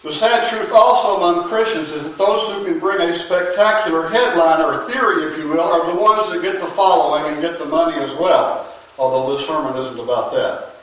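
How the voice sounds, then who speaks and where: A man preaching a sermon in a church, emphatic and unhurried, pausing long and often dropping to a quiet voice. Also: on the high side. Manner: emphatic, with long pauses and sudden drops to a quiet voice. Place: church sanctuary. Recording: very echoey church, mic at a distance.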